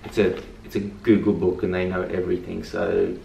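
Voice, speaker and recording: A man's voice: low-pitched, flat delivery, normal speed, gravelly, warm tone, lo-fi sound. Jokey rambling man vlogging over street noise. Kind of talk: casual comedic vlog. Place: Dubai.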